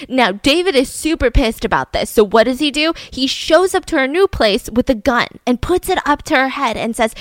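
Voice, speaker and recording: Brief: higher-voiced woman host, lively storyteller, close dry mic. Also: no echo. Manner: animated, acts out quoted voices. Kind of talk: casual storytelling chat.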